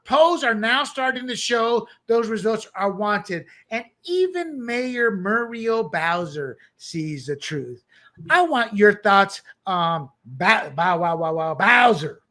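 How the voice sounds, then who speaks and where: A man with a high, bright voice co-hosts a political talk show. He is opinionated and animated, and he keeps bursting into loud, mocking quoted voices. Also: slow. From born abroad, country once under dictators. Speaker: podcast co-host.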